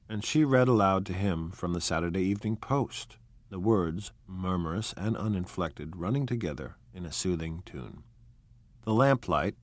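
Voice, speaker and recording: A man narrating an audiobook in a low voice. He reads at an even, reflective pace. The recording is dry and close, with no room sound. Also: dry recording. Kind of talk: scripted narration.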